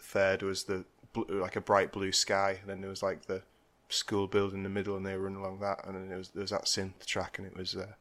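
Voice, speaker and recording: A man co-hosting a podcast in casual film chat, talking hesitantly with many pauses and trailing phrases. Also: low voice, completely flat delivery, a bit bright. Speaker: podcast co-host.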